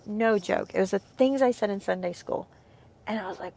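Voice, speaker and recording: A woman's voice: mid-range voice, moderate pace, gravelly, darkish tone, no echo. A woman in her thirties, a homeschooling mom vlogging, talking in a rambling, heartfelt way with many fillers. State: emotional, close to tears. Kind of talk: casual chat to camera.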